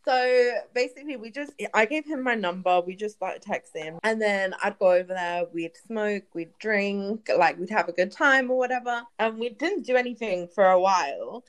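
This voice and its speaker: A woman's voice: medium pitch, moderate pace, hardly any pauses. A woman co-hosting a casual chat, telling a crude story bluntly and laughing often.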